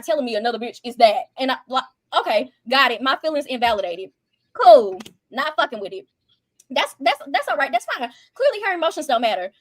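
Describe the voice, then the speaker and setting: Brief: high-voiced woman reviewer, heated and profane, quick delivery. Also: no room sound, clean studio sound. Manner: fast, heated, profane, acts out quotes. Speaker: reality show reviewer. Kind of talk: casual ranting commentary.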